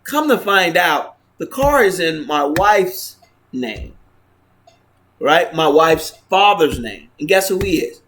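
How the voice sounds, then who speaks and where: This vlogger, a man whose voice is somewhat high and fairly bright, recounts something that happened to him directly to the camera, very animated yet slow. Earnest throughout, he repeats words, restarts sentences frequently, and tags his lines with "right?"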